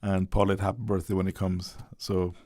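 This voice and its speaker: A Caymanian man talks as a radio studio guest in an easygoing, slightly hesitant way. His low voice barely rises or falls. The studio sound is close and dry. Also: flat delivery, moderate pace, a little mellow, no echo. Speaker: member of parliament, studio guest. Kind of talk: casual radio talk. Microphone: studio microphone.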